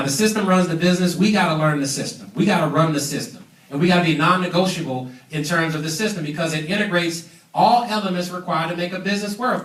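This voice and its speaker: Emphatic seminar trainer, male, higher voice, booming from a distance in a reverberant room. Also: fairly bright tone. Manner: emphatic, preachy, calls for audience responses. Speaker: business trainer. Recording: echoey room, mic at a distance.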